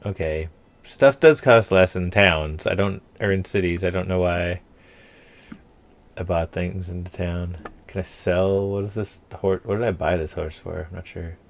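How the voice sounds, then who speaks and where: A man's voice: low voice, steady tone, measured pace, vocal fry. A young man from Canada giving casual let's-play commentary, thinking aloud and muttering half to himself as he plays. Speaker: gameplay streamer.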